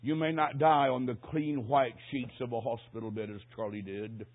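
Male preacher, dramatic sermon, hushed-to-loud delivery, husky voice, phone-like recording. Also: mid-range voice, fairly even intonation, moderate pace.

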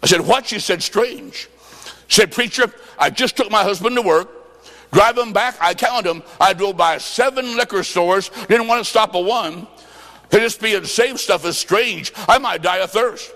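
A man preaching a revival sermon in a high voice. He bursts into shouts and then sinks to low, quiet tones. His voice rings with the long reverb of a church sanctuary. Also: normal speed.

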